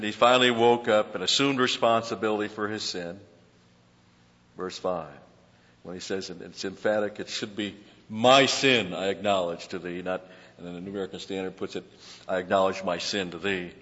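A man's voice: fairly low pitch, steady tone, moderate pace, fairly bright tone. A middle-aged man preaching a sermon as pastor, earnest and emphatic, often repeating words as he searches for them. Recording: dull lo-fi sound with long hall reverb.

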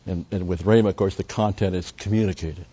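A man's voice: low voice, fairly even intonation, a little fast, warm tone, husky, dull audio. An older man teaching a Bible study lecture in a rambling, conversational way full of asides.

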